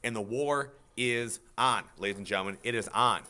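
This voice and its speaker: A man teaching a casual, chatty history lesson, talking over slides and breaking into loud mock quotes. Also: fairly low pitch, moderate pace.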